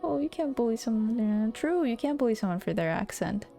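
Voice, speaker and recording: Young woman streamer w american accent, kinda high voice, giggly and sweary, bit of music in the back. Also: animated, brisk, creaky, dark tone. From Philippines. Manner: playful, laughs often, swears casually. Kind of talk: casual live-stream chat.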